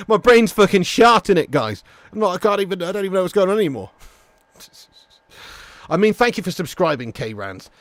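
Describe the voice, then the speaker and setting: A man hosting a live football watch-along, excitable and sweary, laughing as he reads out viewer messages. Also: a little high, moderate pace, no echo. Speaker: livestream host.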